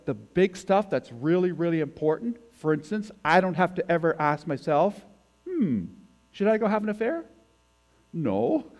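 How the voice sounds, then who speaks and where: The man's voice leans high with a darkish tone. He is a guest preacher in a church sanctuary, giving a chatty sermon and questioning the people in the pews.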